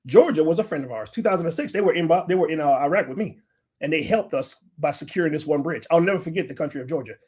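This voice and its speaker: Middle-aged guy ranting on his livestream, cussing, lecturing, pretty high voice. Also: lively intonation, fast talker, darkish tone, slightly rough. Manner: combative, profane, lecturing. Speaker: livestream host.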